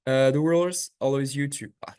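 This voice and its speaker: A man's voice: medium pitch, steady tone, fairly quick, a little mellow, smooth, dry recording, studio quality. A man with a French accent leading a live online workshop, explaining each step and answering chat questions. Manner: explains step by step, reads out chat questions, small slips and self-corrections. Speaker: workshop instructor. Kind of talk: live online software tutorial.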